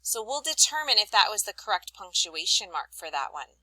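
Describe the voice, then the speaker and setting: A woman teacher giving a recorded lesson to children, explaining things clearly and reading examples aloud with expression. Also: mid-range voice, sing-song, normal speed, bright, forceful tone, dry recording, rough recording.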